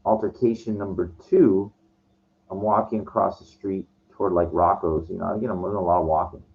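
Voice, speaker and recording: Agitated, cursing man with a low voice. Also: fairly even intonation, a little fast, creaky. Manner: profane, agitated, stumbling restarts. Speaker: vlogger. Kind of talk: casual storytelling rant. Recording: dull lo-fi recording.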